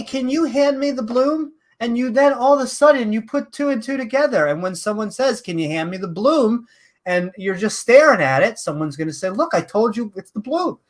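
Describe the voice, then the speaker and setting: A man on a panel in a casual skeptic chat, talking in an animated, jokey way with plenty of fillers. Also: sits high. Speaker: panelist on a skeptic discussion show.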